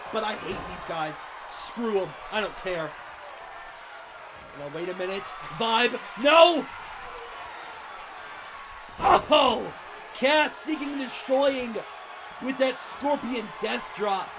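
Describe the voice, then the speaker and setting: A man doing biased, shouting play-by-play commentary at a wrestling show, swearing and cheering on his favorites. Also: high voice. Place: wrestling arena with live crowd. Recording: loud crowd and arena noise.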